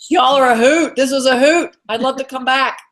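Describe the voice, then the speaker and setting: A woman's voice: sits high, moderate pace, a bit bright. Earnest woman guest on a video call. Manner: earnest, encouraging, rambling lists. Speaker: guest expert. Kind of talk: live video call interview.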